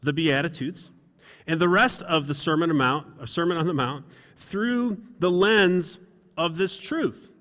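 A man's voice: a little high, measured pace, a bit bright. Man, pastor, middle-aged, conversational sermon, self-deprecating, lingering reverb. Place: church sanctuary. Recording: long reverb in a hall.

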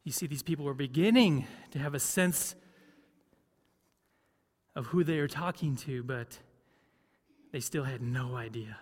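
A man's voice: medium pitch, measured pace, long pauses, darkish tone, in a large hall. A man preaching a sermon as pastor, conversational, often asking the congregation questions. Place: church.

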